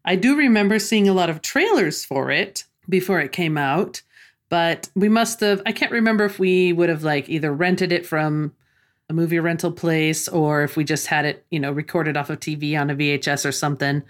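A middle-aged woman co-hosting a podcast with her son, chatting in a relaxed, reminiscing way. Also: low voice, normal speed. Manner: relaxed, reminiscing, easy laughter. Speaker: podcast co-host. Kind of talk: casual podcast chat.

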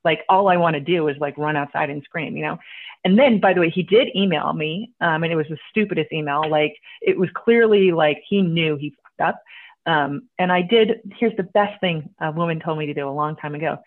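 A woman guest telling a story in casual chat, animated, acting out what people said and swearing casually. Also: sits low, a little fast. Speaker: guest entrepreneur. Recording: tinny phone-like line.

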